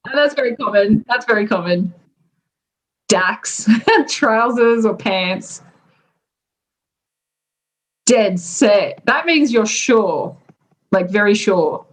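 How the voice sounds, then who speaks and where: A woman's voice: mid-range voice, lively intonation, takes it slowly, pauses often, rough recording. An Australian woman casually explaining slang expressions, chatty and laughing often between words.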